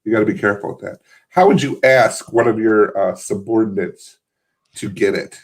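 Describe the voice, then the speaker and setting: A man's voice: lowish voice, normal speed. A young man co-hosting a comedy podcast, playing a mock interviewer in a playful, profane way. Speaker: podcast co-host. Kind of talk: casual comedic chat.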